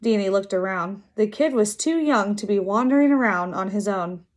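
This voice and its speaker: A teacher reading a children's chapter book aloud with lively, drawn-out dramatic pauses. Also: female voice, mid-range voice.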